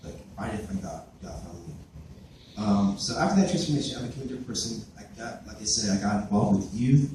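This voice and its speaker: A teenage boy gives a personal church testimony in a fairly low voice, stopping and restarting with plenty of fillers. He sounds distant from the camera, and his words ring around a very echoey hall. A faint room hum sits under him. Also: lively intonation, fast, a little mellow. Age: late teens. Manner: hesitant, many fillers and restarts. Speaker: youth giving a church testimony. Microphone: far camera recorded by his father.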